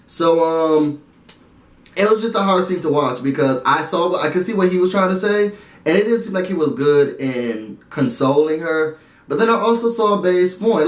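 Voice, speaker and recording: A man's voice: a little high, normal speed. Chatty man recapping in a roomy space. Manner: animated, chatty, laughs often. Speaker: show recap vlogger. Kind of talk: casual recap and review.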